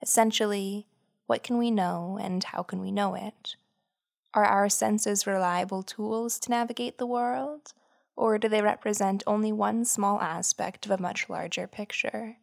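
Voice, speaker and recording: In a steady, creaky, mid-range voice, a female podcast host reads measured, scripted narration that lays out ideas and unfolds a story.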